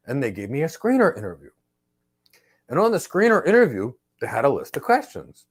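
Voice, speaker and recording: Animated middle-aged man telling a story. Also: mid-range voice, a little fast, husky. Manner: emphatic, animated storyteller who acts out exchanges. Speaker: host and cloud career trainer. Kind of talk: live Q&A with storytelling.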